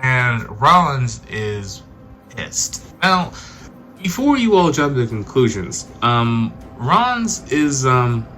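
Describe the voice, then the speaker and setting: A young man vlogging, telling a personal story in an animated, conversational way with lots of filler words. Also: mid-range voice, slow pace, faint music behind. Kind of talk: storytime narration.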